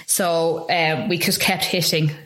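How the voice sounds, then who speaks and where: A middle-aged Irish woman telling a painful personal story in an interview, halting and full of restarts. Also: low-pitched, steady tone, fairly bright tone. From Ireland. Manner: halting, with frequent ums and restarts. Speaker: guest. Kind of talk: emotional personal testimony.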